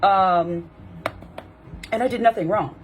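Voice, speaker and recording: A woman's voice: mid-range voice, slow pace, a little hiss or hum. A woman, a life coach, candidly telling a personal story to her viewers in a conversational way with many fillers. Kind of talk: casual personal storytelling to camera.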